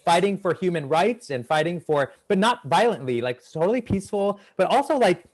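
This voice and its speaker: A man's voice: high voice, sing-song, fairly quick. A man hosting a casual interview, asking long, rambling questions in an earnest, enthusiastic way. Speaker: podcast host.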